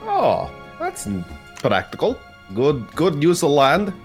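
A man voicing a gruff older farmer father with a wobbly Scottish accent that slips toward Russian, boisterous and loud. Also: a little high, wildly swooping pitch, takes it slowly, soft background music, full character voice. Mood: hearty. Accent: Scottish, drifting Russian.

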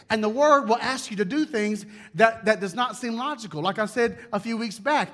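A man's voice: very high voice, fairly quick, few pauses, fairly bright tone. A male pastor preaching a conversational sermon, repeating key words and acting out little asides.

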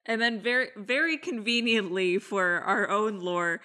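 A woman hosts a podcast, chatting her way through an episode recap at an unhurried pace in a sharp tone. She acts out quoted lines with sudden jumps in pitch.

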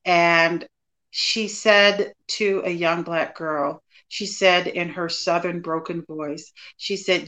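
A woman's voice: fairly low pitch, steady tone, slow, a bit bright. Encouraging woman minister as podcast guest. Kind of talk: podcast interview chat.

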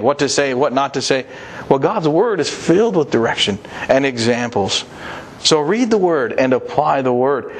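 A man's voice: mid-range voice, a little hiss or hum. A man preaching a sermon, reading scripture and urging listeners in an earnest, repetitive way.

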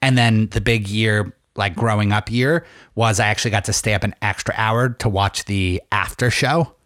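A man's voice: lowish voice, fairly even intonation, moderate pace, fairly bright tone, no echo, clean studio sound. A man in his twenties co-hosting a podcast, rambling and joking in casual chat. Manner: rambling, self-interrupting, joking. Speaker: podcast co-host.

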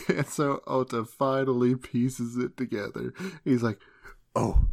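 A man recapping a show in casual chat, his voice sitting at an ordinary middle pitch. He giggles constantly between phrases. He slips into quick quoted voices for each character. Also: creaky. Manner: giggly, laughs through nearly every sentence. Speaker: podcast co-host. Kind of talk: casual chat, retelling an anime episode.

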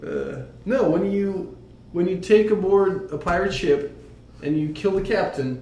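A man's voice: high voice, darkish tone. A man chatting casually before a tabletop game, joking and laughing often. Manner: jokey, laughs often, slow drawn-out delivery. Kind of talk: casual chat. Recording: echoey room, faint noise.

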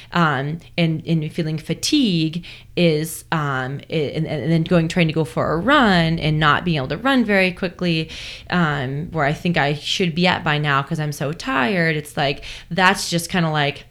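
A young woman with a somewhat low voice speaks as a guest in a relaxed interview. She rambles in a chatty way, with lots of fillers and restarts. She often acts out her own inner thoughts as quoted lines. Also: moderate pace. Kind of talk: casual conversational interview.

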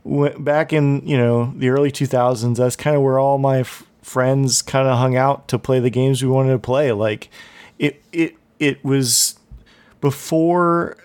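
A man co-hosting a casual podcast chat, reminiscing in a halting way with many restarts. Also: medium pitch, steady tone, a little mellow, smooth. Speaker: podcast co-host.

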